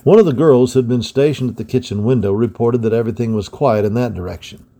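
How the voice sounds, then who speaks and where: Male storybook reader, gravelly and dark, steady measured narration. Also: mid-range voice. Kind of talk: reading a historical adventure novel aloud.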